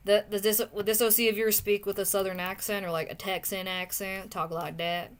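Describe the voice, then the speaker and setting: A young woman streamer chatting casually with viewers while drawing, often trailing off into soft muttering to herself as she works. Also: lowish voice, steady tone, brisk. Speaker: streamer drawing art requests.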